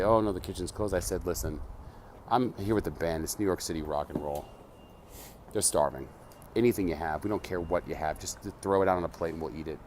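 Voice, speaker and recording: A man with a very low voice talks straight to camera, earnest and full of curses as he tells his stories. He manages a band and records this casual vlog outdoors on a city street at night, with faint street noise behind him. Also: darkish tone. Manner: earnest, profane storytelling.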